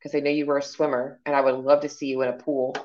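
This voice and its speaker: A woman's voice: a bass voice, flat delivery, quick pace, a little mellow, lo-fi sound. A woman co-hosting a casual podcast, coaching her partner in a chatty, encouraging way with many fillers. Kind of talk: casual chat.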